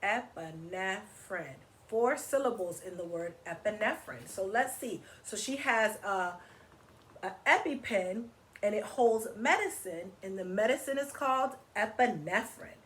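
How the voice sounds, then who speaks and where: An animated woman reading a picture book to children. She talks in a teacherly way and keeps pausing to ask her young listeners questions and get them to join in. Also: medium pitch. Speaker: children's story reader. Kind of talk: read-aloud for children.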